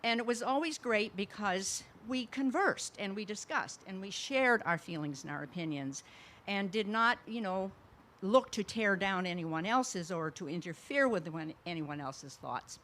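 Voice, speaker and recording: A woman's voice: medium pitch, expressive, unhurried, fairly bright tone. A woman speaking at a memorial service, remembering a friend in a reflective, rambling way with fond laughs. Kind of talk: personal eulogy.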